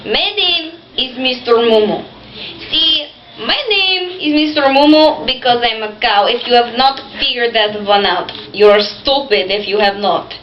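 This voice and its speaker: A woman's voice: on the high side, unhurried, lightly acted. A woman voicing a blunt, insulting male cow puppet in a homemade comedy skit. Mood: rude. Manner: blunt, insulting, deadpan boasting. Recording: roomy, dull, noisy home recording.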